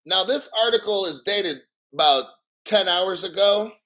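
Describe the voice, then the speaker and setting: Excitable, profane man hosting a show. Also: high-pitched. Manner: profane, excitable, mock tearful; reads article aloud slowly, then riffs. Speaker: crypto show host. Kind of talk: live-stream commentary with callers.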